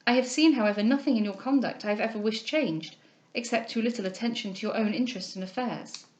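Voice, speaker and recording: A woman reading aloud voices a poised young heiress with a gentle, formal way of speaking. Her tone stays measured and kindly but firm. The voice sits on the high side. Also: highs cut off, lightly acted. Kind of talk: audiobook character reading.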